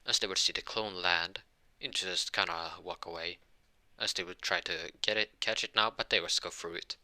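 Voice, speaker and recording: A man's voice: low voice, fairly even intonation, moderate pace, sharp tone, dry recording. A young man improvising a fan-fiction story aloud, rambling with many restarts and self-corrections.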